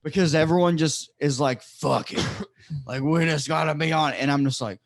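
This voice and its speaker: A man guesting on a casual chat podcast, speaking low-key with quiet mumbled asides. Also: normal speed, no room sound, studio quality.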